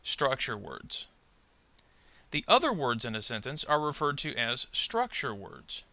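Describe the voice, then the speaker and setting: Very animated, a man narrates a scripted pronunciation lesson in a very bright, lightly gravelly voice on a dry recording. He goes through points slowly and clearly, pitch swinging widely on stressed words, and over-articulates deliberate model sentences that learners are meant to repeat.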